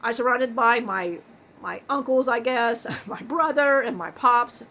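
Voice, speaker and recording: A woman's voice: on the high side, measured pace, pushed and bright, exaggerated voice. A woman channeling the spirit of a big, bald dead man who swears, jokes crudely and laughs often. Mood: joking.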